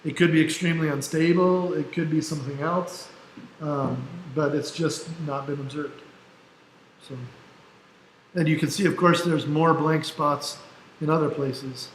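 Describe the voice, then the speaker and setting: A man's voice: a little high, fairly even intonation, a little slow. A male teacher giving a casual classroom lecture, explaining step by step and often checking in with "right?". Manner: casual, self-deprecating asides. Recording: echoey room, faint background noise.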